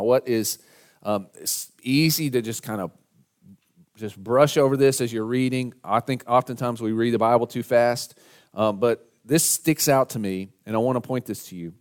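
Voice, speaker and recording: A male pastor delivers a sermon into a church microphone. His voice sits at a middle pitch, and he rises to loud, emphatic lines when he quotes scripture.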